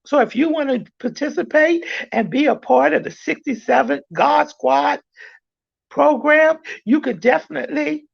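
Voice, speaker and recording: Man, podcast host, loud preaching delivery, gravelly, distant mic. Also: very high voice, moderate pace, muffled recording. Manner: loud, emphatic, church-like delivery. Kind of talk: preaching-style announcement.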